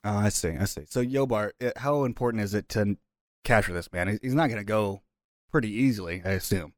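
A man's voice: fairly low pitch, a little fast, no echo, clean studio sound. Laid-back male tabletop player. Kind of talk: playing a character in a tabletop game.

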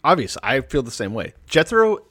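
Lively-pitched man in wry casual chat. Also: normal speed, slightly rough. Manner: wry, blunt, profane. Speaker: podcast co-host.

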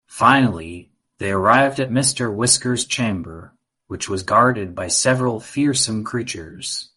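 A man narrating a children's adventure story in an even, measured reading. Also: lowish voice, slightly rough.

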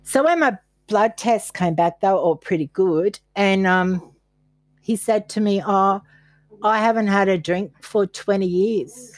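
An older woman from Australia recounts her own story with candid self-mockery, slipping into quick acted-out versions of her past thoughts. Her voice sits fairly low. The recording is close and dry, with no room sound. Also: darkish tone, no echo. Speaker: guest. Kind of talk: personal storytelling in a podcast interview.

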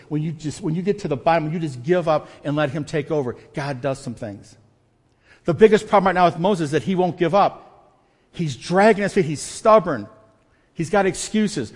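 A man preaching a sermon as pastor, emphatic and dynamic, shifting between loud stresses and quiet asides with self-deprecating humor. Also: a little high, normal speed. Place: church sanctuary. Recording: long church reverb.

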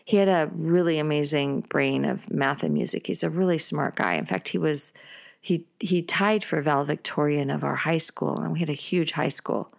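A middle-aged woman telling a personal story in a casual, animated way, with many fillers and excited bursts. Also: sits low, normal speed, vocal fry.

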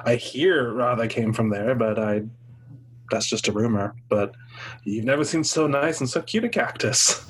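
A man's voice: mid-range voice, normal speed, husky, natural voice. A man voicing an offhand laptop guy. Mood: easygoing. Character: laid-back young man with a laptop and a cactus.

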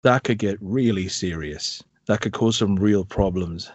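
Man reading as a deadpan action hero, deeper than his own voice, dry sound. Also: unhurried, breathy edge, dry recording, highs cut off. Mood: flat. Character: action hero father giving plain advice.

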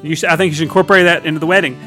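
A high-voiced man co-hosts a comedy show, teasing his partner and laughing freely as he tells jokes. Faint music plays behind him. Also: fairly even intonation, racing, bright, forceful tone. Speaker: comedy co-host. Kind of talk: casual banter and joke telling.

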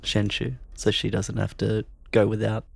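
A man's voice: fairly low pitch, completely flat delivery, normal speed, gravelly, slightly rough. A man playing a tabletop game, hesitant and joking in casual chat. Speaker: player.

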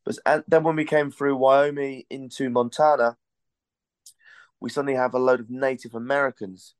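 A man hosts a casual podcast, rambling through an anecdote with plenty of fillers and the odd swear word. His voice is smooth and clear, mid-pitched, and sounds close and dry with no room around it. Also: steady tone, moderate pace, dry recording. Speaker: podcast host.

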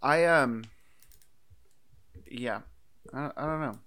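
A man's voice: medium pitch, slow pace, fairly bright tone, a little hiss or hum. A man co-hosting a podcast, chatting loosely about films, joking and swearing as he goes. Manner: loose and jokey, swears, laughs easily. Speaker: podcast co-host. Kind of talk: casual movie discussion.

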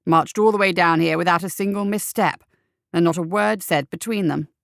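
A woman voicing a pompous little bald male army captain in an audiobook, with a loud, hearty military bark. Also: on the low side, normal speed, creaky, dry recording, clean studio sound. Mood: blustering.

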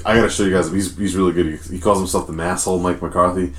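A man's voice: sits low, fairly even intonation, fast talker, slight background noise. A young man with a Rhode Island accent hosting a casual podcast, talking in a rambling, profane way full of fillers. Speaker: podcast host.

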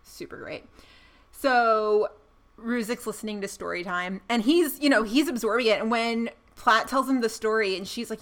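A woman co-hosting a casual podcast chat, recapping a TV episode with animated storytelling. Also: fairly high pitch, normal speed. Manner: animated storytelling, laughs while acting out scenes. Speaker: podcast co-host.

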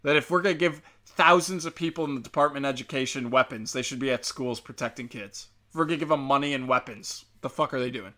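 A man's voice: medium pitch, quick pace, few pauses, bright, forceful tone. A man delivering a heated, profane, sarcastic monologue straight to his listeners, mocking and scolding them. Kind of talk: ranting monologue.

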